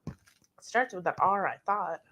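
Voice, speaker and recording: A woman, co-hosting a live cooking stream and reading viewer comments aloud in a casual, unhurried way. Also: mid-range voice, lively intonation, sharp tone, poor audio. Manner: slow, unhurried, lots of ums.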